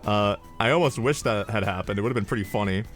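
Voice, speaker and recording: Young man, streamer, casual storytelling, animated, swears a lot, rambling asides. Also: fairly low pitch, fast talker, soft background music.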